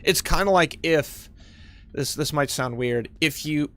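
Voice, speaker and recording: A man's voice: fairly high pitch, unhurried, a little hiss or hum. A man with a Pacific Northwest accent chatting casually and profanely while streaming a game. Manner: profane, excitable, laughs easily. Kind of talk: casual gameplay chat.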